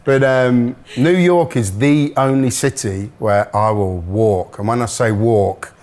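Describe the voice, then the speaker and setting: A man's voice: mid-range voice, steady tone, slow, a little mellow. A middle-aged man, a musician guest telling stories in casual chat and laughing often. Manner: chatty storyteller, laughs often.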